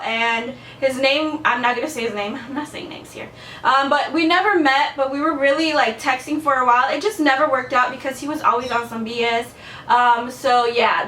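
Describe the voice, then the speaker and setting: A woman's voice: sits high, a bit bright, slight background noise. A young woman vlogging to camera, telling a dating story in a blunt, chatty way, swearing freely and filling with "like". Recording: echoey room, a bit far from the mic.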